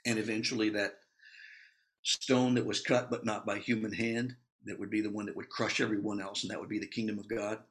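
A man's voice: lowish voice, fairly quick. A man teaching through a Bible passage in a conversational way, with asides, laughs and acted-out quotes. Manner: animated, acts out quotes.

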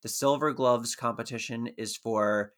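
A man's voice: medium pitch, fairly even intonation, measured pace, fairly bright tone. A man with a mid-range voice co-hosts a podcast, walking through a sitcom episode in a thoughtful, analytical way. He leans on fillers and restarts as he works through his points. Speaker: podcast co-host. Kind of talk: casual chat recapping a TV show.

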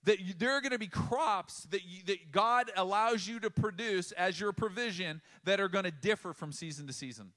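Middle-aged male pastor, higher-pitched voice; conversational sermon, emphatic pauses. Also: pushed and bright.

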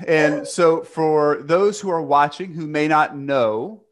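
A man's voice: a little high, slow pace. Man hosting a podcast interview. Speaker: podcast host. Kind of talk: casual interview.

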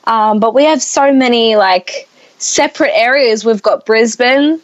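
A woman's voice: fairly high pitch, unhurried. Woman, Australian accent, podcast guest, chatty with filler words, casual chat, muffled audio. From Gold Coast, Queensland, Australia. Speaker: musician guest.

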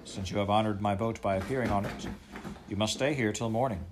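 A man's voice: fairly low pitch, a little fast, noisy background, natural voice. A man voicing a proud, scornful ship captain with a growling, blustering manner.

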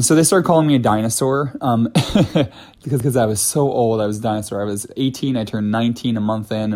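A man hosting a solo podcast about dancing, chatty and self-mocking, with frequent ums and light laughs. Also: mid-range voice. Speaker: podcast host and ballet dancer.

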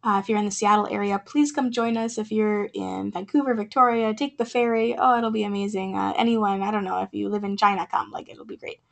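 A woman hosting her own podcast, talking earnestly with many fillers, her voice raspy from being sick. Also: medium pitch, fairly even intonation, brisk, few pauses. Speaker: podcast host. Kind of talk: casual podcast talk and poetry reading.

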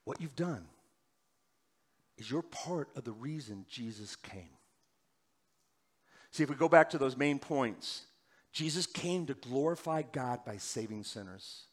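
A male pastor delivering a sermon, moving between loud urgent preaching and quiet, hushed passages. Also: medium pitch, lively intonation, a little slow, pauses often.

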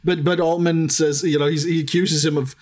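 A man's voice: on the high side, flat delivery, a little fast, darkish tone. A man co-hosting a podcast, chatting casually about a book, rambling with lots of restarts and frequent laughter. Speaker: podcast co-host.

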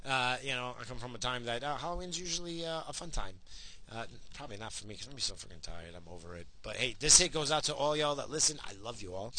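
A man's voice: mid-range voice, expressive, quick pace, sharp tone, poor audio. A man in his forties hosting his own podcast, rambling and swearing through a casual rant. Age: 40s. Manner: profane, rambling, ranting. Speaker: podcast host.

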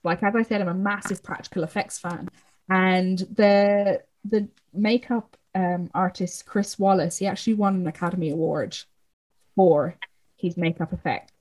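A woman's voice: lowish voice, steady tone, moderate pace, darkish tone. Chatty young woman with lots of fillers. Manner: chatty, frequent fillers and swearing. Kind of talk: casual film discussion.

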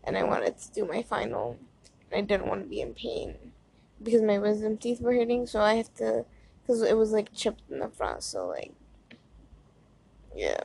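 Young woman host, slight gauze lisp, rambling story-time chat, mid-pitched voice. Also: huge pitch swings, normal speed, vocal fry, pauses often, darkish tone, husky. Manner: chatty and rambling, many fillers. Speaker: podcast host. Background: fan noise.

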